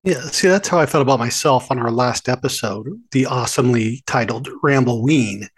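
Husky easygoing male podcast co-host. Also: mid-range voice, fairly quick. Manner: scattered, easygoing, tangent-prone. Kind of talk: casual podcast chat.

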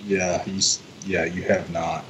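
A man co-hosting a podcast, chatting casually and telling stories with a joking, lively manner. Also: low voice, slow pace, a little hiss or hum. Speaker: podcast co-host. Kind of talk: casual chat.

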